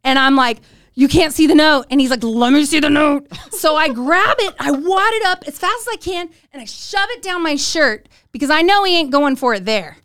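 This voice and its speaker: A middle-aged woman hosting a podcast and telling a story, animated and giggly, acting out the lines she quotes. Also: high voice, moderate pace, no echo, studio quality. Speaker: podcast host. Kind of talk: casual storytelling chat.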